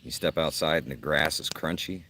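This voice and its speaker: Deep-voiced, blunt outdoorsman host. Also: moderate pace, pushed and bright, a little hiss or hum. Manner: gruff, blunt and joking. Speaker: livestream host. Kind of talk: casual livestream chat reading comments. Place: outdoors at a campsite by a fire.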